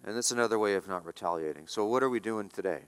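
A man preaching a sermon as pastor, emphatic, his voice swinging between loud rises and quiet drops. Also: quick pace, long reverb tail. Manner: emphatic preaching, rising and dropping in pitch and volume.

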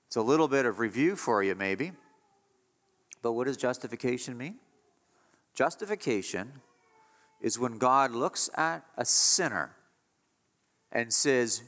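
A man preaching a sermon as pastor, emphatic, moving between hushed passages and raised declarations. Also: mid-range voice. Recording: long hall reverb.

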